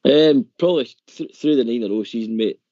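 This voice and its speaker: A man's voice: mid-range voice, quick pace, warm tone, no room sound. A man calling in to a radio phone-in, chatting earnestly and calling the host "mate" over a dull lo-fi line. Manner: earnest, says "mate" often. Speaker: caller. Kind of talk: casual chat.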